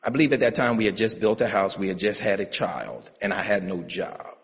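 A middle-aged male pastor preaching a sermon, building to shouted, rhythmic call-and-response passages. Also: lowish voice, a little fast. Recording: long hall reverb.

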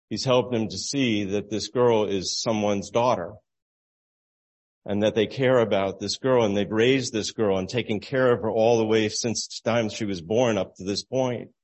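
Lowish-voiced man telling a story. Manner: relaxed, halting storyteller who laughs at his own story. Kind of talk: storytelling sermon illustration.

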